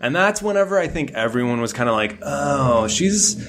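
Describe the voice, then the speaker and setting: Guy guest on a podcast just chatting, tells it animated, acts out the quotes, ordinary middle pitch. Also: fast talker, noisy background. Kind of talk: casual chat.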